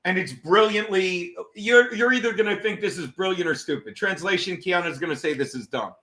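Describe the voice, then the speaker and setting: Brief: male comedy podcast host, bright high voice, profane and mocking, roomy echo. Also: fairly quick. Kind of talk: casual comedic rant.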